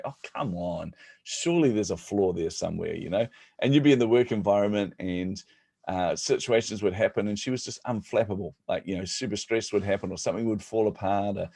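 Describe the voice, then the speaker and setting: A middle-aged man, telling lively, jokey stories as a guest in a conversation. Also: fairly low pitch, no room sound, clean studio sound. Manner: animated, jokey, laughs at own stories. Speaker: guest speaker. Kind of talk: storytelling in conversation.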